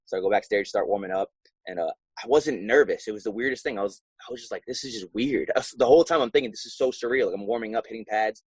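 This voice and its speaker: A young man and professional fighter telling his story in a casual interview, animated and acting out his own past reactions. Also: lowish voice, fast, husky, no echo, rough recording.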